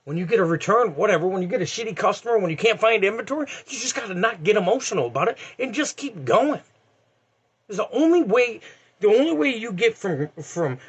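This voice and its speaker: An eBay reseller in his forties gives a blunt, profane motivational talk in a vlog. His voice sits high and sounds husky, and he's animated and swears heavily.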